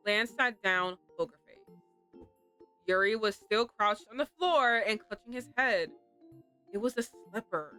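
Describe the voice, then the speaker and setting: A woman streaming a game, reacting with animated, dramatic commentary and reading the lines aloud. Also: medium pitch, measured pace, soft background music. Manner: animated, laughing, dramatic outbursts. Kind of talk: game playthrough with commentary and read-aloud translation.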